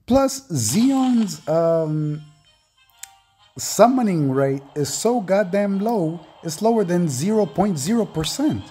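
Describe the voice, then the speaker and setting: A gaming YouTuber gives casual commentary over gameplay, excitable and rambling, often stammering and starting his sentences over. His voice is high-pitched and slow, with faint music playing behind him.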